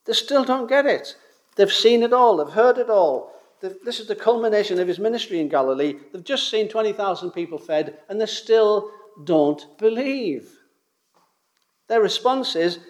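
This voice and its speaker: A man preaching a sermon, animated and full of rhetorical questions, acting out the crowd's lines. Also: high-pitched, normal speed.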